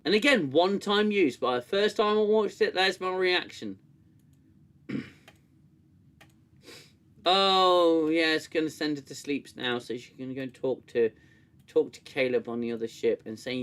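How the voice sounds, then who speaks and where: A man's voice: fairly high pitch, a little slow, long pauses. Sarcastic man ranting. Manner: sarcastic, animated, swears freely. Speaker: show host reviewing an episode. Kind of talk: casual livestream review chat.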